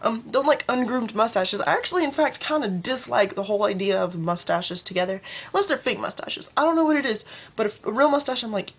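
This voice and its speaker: Young woman vlogger, husky and fairly high, chatty rant to camera on the camera mic. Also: expressive, fairly bright tone. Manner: chatty and ranting, with quick jumps up in pitch.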